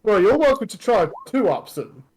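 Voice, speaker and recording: A man with a somewhat high voice banters at a tabletop game. He is jokey and chuckles often while he teases the other players. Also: sing-song, normal speed, darkish tone. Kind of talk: playful table talk.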